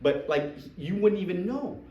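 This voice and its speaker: A man's voice: high voice, moderate pace, echoey room, distant mic, lo-fi sound. A man coaching recruits in a live talk to a group, acting out sales dialogues. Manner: animated, acts out sales dialogues. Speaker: business trainer coaching recruits.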